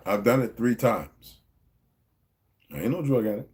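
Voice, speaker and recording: A man's voice: fairly low pitch, huge pitch swings, moderate pace, long pauses, slightly rough. A middle-aged man with a New Jersey accent, talking to his subscribers in a rambling, profane, confrontational monologue. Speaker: vlogger.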